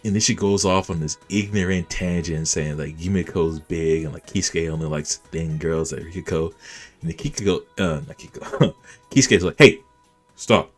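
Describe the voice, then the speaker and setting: A man casually recapping an anime episode, animated and reacting as he retells the scenes. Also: low-pitched, normal speed, soft background music. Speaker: anime reviewer.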